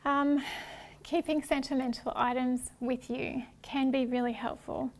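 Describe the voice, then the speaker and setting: A woman presenting a workshop talk in a gentle, hesitant way, with many ums and restarts. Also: sits high, flat delivery, measured pace. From Australia.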